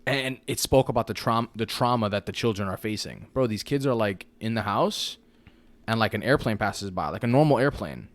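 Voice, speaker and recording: A man's voice: on the low side, brisk, no room sound. Slangy casual man on a podcast. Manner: slangy, animated, repeats "you know what I mean". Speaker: podcast co-host.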